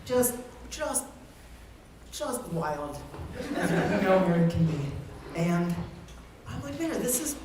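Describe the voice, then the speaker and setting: A man's voice: sits high, very animated, slow. A man giving a eulogy at a memorial, telling a funny story in a chatty way and laughing along. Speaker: eulogy speaker. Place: memorial gathering in a large room. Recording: very echoey room, far from the mic, heavy noise.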